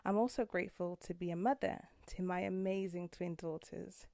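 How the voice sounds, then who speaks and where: A woman in her thirties talks earnestly into her podcast mic from a room at home, her voice low, warm and gravelly with fry. The sound is dry and close, with no room echo. She speaks with open feeling that at times turns emotional. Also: steady tone, moderate pace. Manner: heartfelt and earnest, gets emotional. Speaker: podcast host. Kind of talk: personal podcast monologue.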